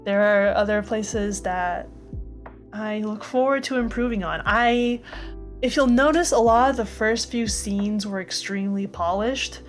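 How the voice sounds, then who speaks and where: A woman's voice: medium pitch, unhurried, soft background music. A woman animator chatting casually on a live stream, upbeat and thanking viewers as she goes.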